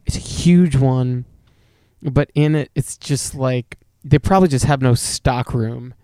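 A man's voice: medium pitch, a little slow, warm tone. A man, a musician, chatting casually on a podcast, rambling with many fillers and frequent laughs. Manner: rambling, lots of "like", laughs often. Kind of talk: casual chat.

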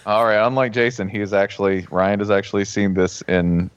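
A low-pitched man rambles through a comic podcast chat and keeps breaking into goofy accent impressions. The audio is dry and a bit dull, like a home podcast setup. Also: a little fast, clean tone, no echo. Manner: animated storyteller who keeps slipping into exaggerated accent impressions. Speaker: podcast co-host. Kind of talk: casual comedic chat.

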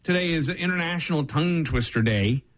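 A man co-hosting a radio show, bantering in a joking, quick way with stumbling restarts. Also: on the high side, animated.

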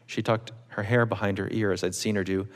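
A man reading from his own novel to a live audience in a measured, wry literary manner. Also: lowish voice, steady tone. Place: auditorium stage. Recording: long reverb of a large hall.

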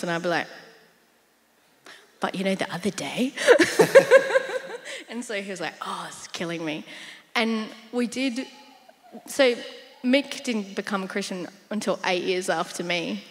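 Laughing woman telling a story in a hall. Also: medium pitch. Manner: animated storyteller, laughs often, acts out quotes. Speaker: interview guest. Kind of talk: casual faith story interview.

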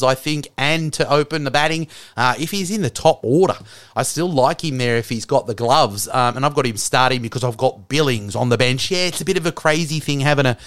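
A man talks through his picks on a solo podcast, rambling and frank with the odd curse. His voice is smooth and clear. The recording is dry and close. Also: fairly high pitch, a bit bright, no room sound. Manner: rambling, frank, with mild swearing and quick laughs. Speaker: fantasy cricket podcast host. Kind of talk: casual solo podcast chat.

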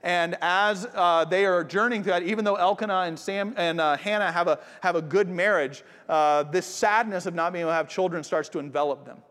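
A pastor preaching a sermon, talking conversationally and directly to the congregation. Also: male voice, sits high, brisk, few pauses, fairly bright tone. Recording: long hall reverb.

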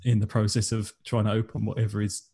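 A man's voice: fairly low pitch, flat delivery, fast, dark tone, husky. A man co-hosting a casual podcast, narrating what his friend is doing.

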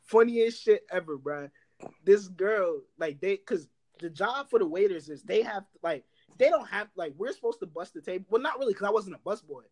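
A young man telling workplace stories in casual chat, animated and laughing, loudly acting out what others said. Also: sits high, normal speed. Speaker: storyteller.

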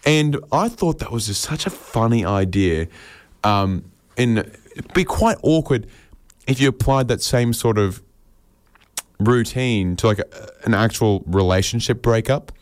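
A man's voice: medium pitch, expressive, unhurried. Rambling man riffing. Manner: rambling, escalating, playful. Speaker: comedian. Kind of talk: absurdist comedic riff.

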